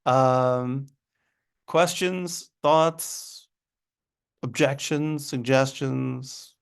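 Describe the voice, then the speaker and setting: Guy with a gravelly voice teaching a casual study class, wry and chatty. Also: mid-range voice, fairly even intonation, drawn-out words. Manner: conversational, wry, thinks aloud. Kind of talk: informal lesson.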